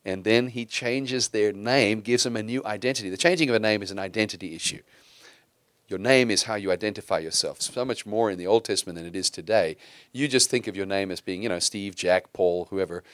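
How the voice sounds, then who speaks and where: A man's voice: on the low side, fairly bright tone, dry recording, clean studio sound. A middle-aged man preaching a sermon in a conversational style, asking his congregation rhetorical questions. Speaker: pastor.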